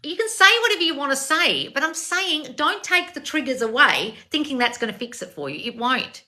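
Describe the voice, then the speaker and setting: Speaking briskly in a high-pitched, bright, forward voice with lively intonation, a woman coaching on a livestream tackles viewers' comments head-on. This self-help coach curses freely and addresses everyone as darling.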